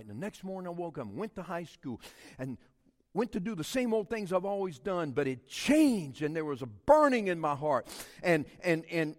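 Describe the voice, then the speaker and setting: Pastor, high lively voice ranging from hushed to shouting, long hall reverb. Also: male voice. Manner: animated, swinging from hushed to shouting. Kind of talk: sermon.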